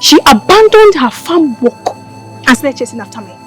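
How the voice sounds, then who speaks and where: An actress playing a spiteful young woman who bullies her stepsister, with a Nigerian accent, shouting and taunting. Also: high voice, big pitch swings, normal speed. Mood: angry. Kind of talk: Nollywood film acting. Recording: loud music behind.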